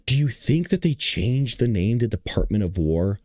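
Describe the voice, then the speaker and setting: A hoarse man hosting a casual political commentary show, joking and talking to his audience. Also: fairly low pitch, normal speed, dry recording, clean studio sound. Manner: animated, joking, talks to the audience. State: hoarse, voice worn out. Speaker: show host.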